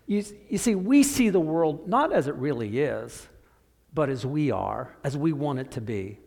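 A man preaching a sermon, telling a story and acting out the voices of biblical figures, with sudden drops to a quiet voice. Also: fairly high pitch, big pitch swings, measured pace, creaky, big-room sound. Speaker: pastor.

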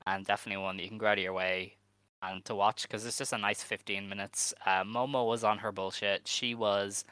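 A fairly low-voiced man with a Dublin accent, talking in loose, jokey podcast chat. His tone is bright and forward, and his voice comes through smooth and clean. He laughs often between points. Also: level tone, fairly quick, dry recording. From Ireland. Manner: chatty, laughs easily, loose and joking. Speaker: podcast co-host. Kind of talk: casual chat.

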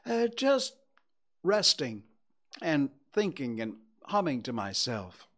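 A man voices a slow, simple-minded bear from a storybook, pitched well up and dawdling over every word. He hesitates and trails off, starting many lines with a small "uh". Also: expressive, heavily acted. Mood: fretful.

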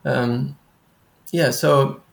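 A young man speaking as a guest researcher in a casual conversation, thoughtful and halting, often restarting his sentences. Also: mid-range voice, fairly even intonation, vocal fry, reverberant.

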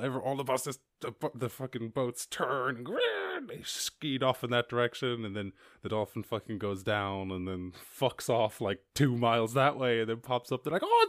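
An Irish man hosting a casual solo podcast, reading news and rambling with lots of swearing and squeaky silly voices for other people. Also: dry recording, studio quality. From Ireland. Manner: rambling, profane, jumps into high squeaky voices for quoted people and animals. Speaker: podcast host.

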